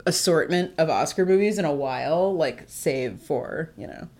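A woman's voice: sits low, lively intonation, moderate pace, a little mellow. A woman co-hosting a podcast in casual chat, with a dry, joking manner and frequent laughter. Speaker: podcast co-host.

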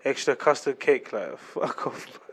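A man's voice: mid-range voice, normal speed, vocal fry, breathy edge. A man, chatting casually on a podcast with lots of slang and frequent laughter. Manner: animated, slangy, laughs often. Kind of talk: casual chat.

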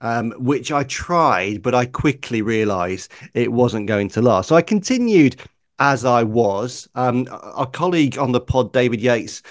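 A man's voice: mid-range voice, animated, unhurried, no room sound, clean studio sound. A man with a northern English accent, a racing journalist chatting as a guest on a podcast, with lots of ums and uhs. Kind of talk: casual interview chat.

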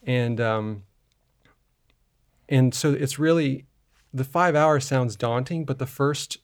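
A man's voice: medium pitch, takes it slowly. A man co-hosting a film podcast, recapping a movie in a rambling, casual way with lots of fillers and restarts. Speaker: podcast co-host.

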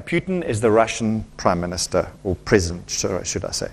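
A man's voice: lowish voice, sing-song, brisk, creaky, a little hiss or hum. A middle-aged man, a pastor, preaching a sermon in a church in an earnest, emphatic way, often restarting his phrases.

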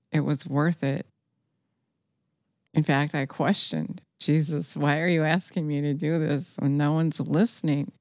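A female preacher with a fairly low, darkish voice delivers an earnest, urgent sermon, pressing her listeners to act. The recording is close and dry, with almost no room echo.

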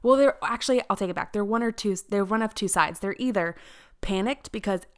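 A woman with a light Southern accent hosting a faith podcast, talking in a soft, soothing, relaxed way. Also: mid-range voice, brisk, clear, resonant tone. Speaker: podcast host. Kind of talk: casual faith podcast chat.

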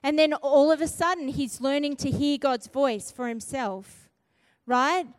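A middle-aged woman preaching, telling a story in an animated, emphatic way and repeating key phrases for weight. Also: high-pitched, measured pace, no room sound. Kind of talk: storytelling sermon.

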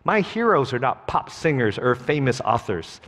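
A middle-aged man preaching a sermon as pastor, earnest, slow and emphatic. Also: mid-range voice, very animated, a bit bright. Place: church sanctuary. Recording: long hall reverb.

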